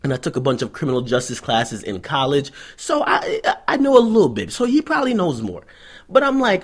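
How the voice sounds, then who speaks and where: A young man delivers a profane, sarcastic rant for his commentary vlog. His pitch sits a bit high for a man and swings widely from line to line. His voice has a husky, slightly breathy grain. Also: fairly quick. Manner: profane, sarcastic, animated storytelling. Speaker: vlog host and hip-hop commentator. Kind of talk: ranting news commentary vlog.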